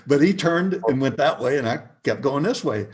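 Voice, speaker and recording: An older man, a guest on a video call interview, telling anecdotes with chuckles in an animated, storytelling way. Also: mid-range voice, moderate pace.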